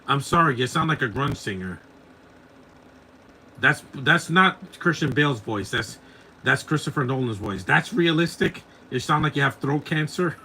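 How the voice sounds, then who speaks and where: On a live commentary podcast, a host in his forties talks over a film in a bright, forceful, mid-pitched voice. Blunt and opinionated, he rambles from one gripe to another with lively intonation at a moderate pace. There's slight background noise.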